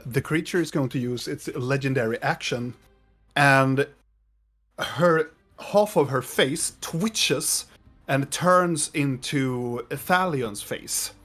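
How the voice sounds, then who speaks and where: A man's voice: mid-range voice, slow pace, a bit bright, soft background music. A man running a tabletop game as game master, describing scenes unhurriedly and laughing often.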